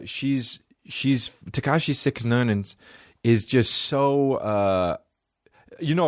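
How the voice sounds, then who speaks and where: A man's voice: deep voice, dry recording, clean studio sound. A man hosting his comedy podcast in a rambling, profane monologue full of fillers. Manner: profane, rambling, many fillers, jumps into mock voices.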